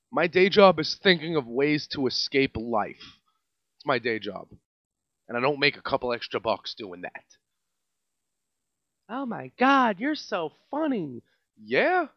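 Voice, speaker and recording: Podcast host, New York man, comic rant, high voice swinging all over, sarcastic, dull dry lo-fi sound. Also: dry recording. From Staten Island, New York. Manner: sarcastic, mocking, swings between loud and muttered. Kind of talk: comedic rant monologue.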